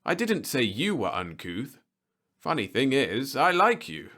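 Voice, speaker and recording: A frail, pampered young man from the city, speaking in a tired, plaintive drawl with a faintly haughty air, as a man reading the story voices him. His lines rise and fall in lively, uneven swings. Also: mid-range voice, a little slow, pitched above the performer's own voice, heavily acted. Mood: weary, mild. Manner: listless, plaintive, mildly haughty.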